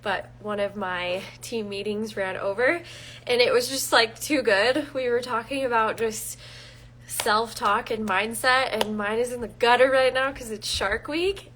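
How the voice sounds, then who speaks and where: A woman's voice: a little high, measured pace, fairly bright tone, slight background noise. A young woman hosting a casual livestream from home, talking chattily with lots of fillers. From northern Colorado. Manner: chatty, lots of "like" and "um", apologetic asides. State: out of breath. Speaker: livestream host. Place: home, indoors.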